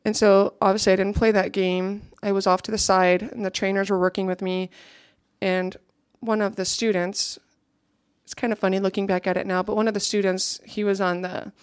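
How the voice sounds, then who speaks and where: A woman's voice: mid-range voice, little pitch movement, a little fast, clean tone, dry recording, studio quality. A young woman giving an earnest, reflective personal testimony to a gathering, now and then checking her notes.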